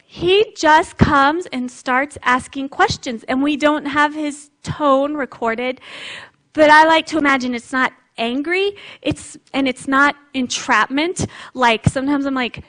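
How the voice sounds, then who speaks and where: High-voiced woman preaching conversationally. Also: measured pace, fairly bright tone. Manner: conversational, reflective, with light laughs. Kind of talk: sermon.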